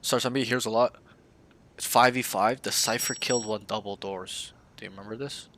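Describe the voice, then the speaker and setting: A man's voice: lowish voice, fairly even intonation, brisk, fairly bright tone, a little hiss or hum. A man coaching a player in a casual game review, blunt and slangy, often swearing.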